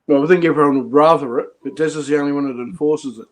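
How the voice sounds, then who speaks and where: A man talking casually as a stream guest, voice sitting a little high. He rambles, restarts his sentences and chuckles as he goes. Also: fast. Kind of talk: casual chat.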